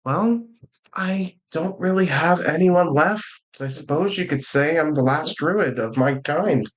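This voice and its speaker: A gentle fawn druid woman, as a man puts her on, talks in a raised, soft, wistful voice. She sounds like the last of her kind in a tabletop fantasy game. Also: on the high side, measured pace, voice pushed up, lightly acted.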